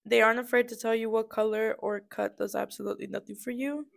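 A woman's voice: fairly high pitch, flat delivery, quick pace, creaky. A young woman co-hosting a casual chat, talking and giggling while she eats snacks. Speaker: co-host.

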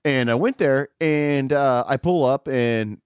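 A man's voice: mid-range voice, unhurried, clear, resonant tone, no echo. A young man co-hosting a podcast, telling rambling stories in casual chat, swearing often, with a close microphone. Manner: profane, rambling storytelling with laughs.

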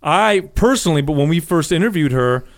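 A man's voice: fairly high pitch, lively intonation, brisk. A man co-hosting a podcast, chatting loosely with frequent profanity and restarts. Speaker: podcast co-host. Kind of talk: casual podcast chat.

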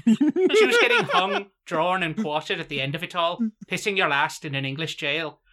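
A man performs a sweary comic parody monologue, listing lines in a steady, rhythmic cadence. His voice is bright and forceful. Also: on the high side, moderate pace.

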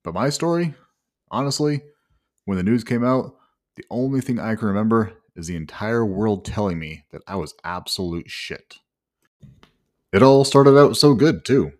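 A man's voice: on the low side, lively intonation, moderate pace, a little mellow. A man from England telling his own story in the first person, wry and self-mocking.

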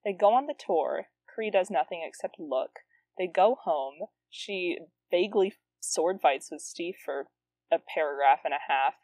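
A woman's voice: on the low side, animated, unhurried, a little mellow. A woman hosting a podcast who reads her own teenage novel aloud and comments on it, self-mocking and laughing at it. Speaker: podcast host reading her teen novel. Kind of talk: reading aloud and casual commentary.

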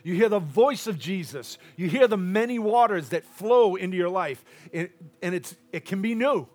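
A man preaching a sermon in a church, loud and boisterous one moment and almost hushed the next. His voice sits a little higher than most men's. He talks freely and calls out to the congregation. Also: animated, normal speed. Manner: loud and boisterous, drops to a hush at times.

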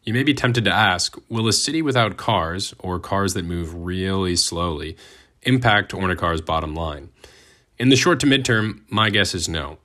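A young man with a low voice narrates a prepared script as host. His tone is bright and forceful, and he slips in wry, sardonic asides. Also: lively intonation, moderate pace. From United States.

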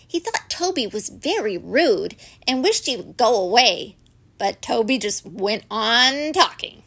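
Slow gravelly woman reading a story. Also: a little high, big pitch swings. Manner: gentle, unhurried storybook reading. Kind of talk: reading a children's story aloud.

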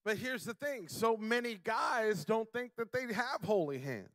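A young man preaching a sermon, slowing down to stress key words and building to loud, emphatic passages. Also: sits high, animated, no room sound, studio quality. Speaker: pastor; father.

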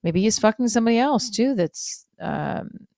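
A middle-aged woman hosting a podcast, talking through a confessional monologue in a rambling, halting way, sounding hurt and low. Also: lively intonation, warm tone, no echo, clean studio sound. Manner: rambling, halting, many fillers and restarts. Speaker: podcast host.

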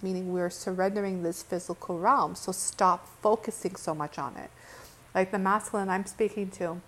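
Woman doing a spiritual vlog talk, earnest and fired up, lots of "like" and restarts, mid-pitched voice. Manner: earnest and impassioned, with frequent restarts and "like"; blunt, with occasional cursing. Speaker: spiritual teacher. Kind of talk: spiritual monologue to viewers.

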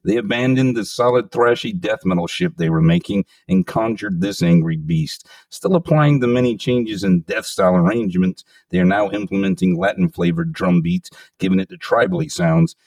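A man's voice: deep voice, very animated, normal speed, hardly any pauses, darkish tone, no echo, recorded from a distance. A man hosting a metal podcast, reading enthusiastic album reviews and chatting with profane emphasis. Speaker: podcast host. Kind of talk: casual podcast chat with read reviews.

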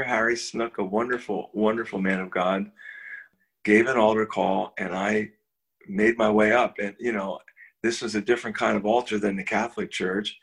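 Speaking in a mid-range voice, an older interview guest relates a personal anecdote. He keeps it relaxed and animated, often starting words over and laughing softly as he talks.

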